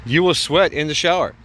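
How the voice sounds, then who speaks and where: A man with a fairly high, fairly bright voice records a vlog on a handheld phone while walking outdoors beside a creek. He's out of breath, laid-back and rambling, chatting casually and laughing at himself. There's a little hiss or hum in the audio.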